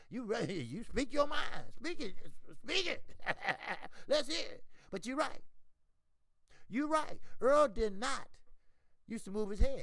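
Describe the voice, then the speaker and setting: A man's voice: high voice, vocal fry, no echo. A man hosting a casual, profane boxing talk stream, answering viewers by name. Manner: profane, animated, talks back to viewers by name. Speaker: boxing channel host.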